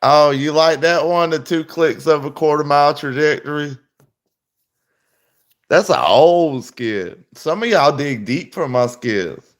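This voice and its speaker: Animated and fairly high-pitched, this livestream host keeps a measured pace as he laughs through rambling, over-the-top stories during casual chat.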